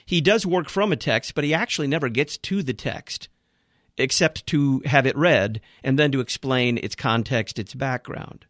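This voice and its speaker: A man's voice: medium pitch, moderate pace, no room sound. Emphatic male radio host, dry studio sound. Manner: emphatic, lively, preaching tone. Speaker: radio host critiquing sermons. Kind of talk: critical commentary on a sermon.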